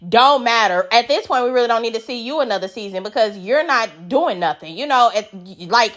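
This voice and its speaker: Bright, blunt woman recapping reality TV. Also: fairly high pitch, a little fast. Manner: animated, blunt, swears, acts out quotes in a raised voice. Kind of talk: casual commentary recap.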